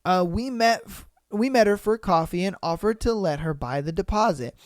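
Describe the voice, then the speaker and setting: A man hosting a podcast, reading listener posts aloud and reacting with animated, slangy, profane commentary. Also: high voice, normal speed, no echo, studio quality. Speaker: podcast host.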